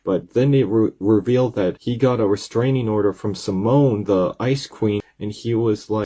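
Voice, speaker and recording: Man, casual rambling recap delivery, mellow and slightly husky tone. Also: fairly low pitch, moderate pace, hardly any pauses. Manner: rambling, excitable retelling with many restarts. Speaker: video recap creator.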